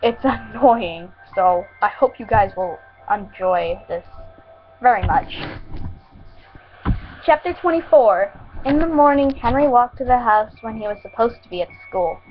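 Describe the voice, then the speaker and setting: A woman reads her first-person fan story aloud in a casual, unpolished way, stumbling now and then. Her voice sits fairly high. The home recording is muffled, with faint music behind it. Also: animated, unhurried. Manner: casual, unpolished reading with slips. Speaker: fan fiction reader.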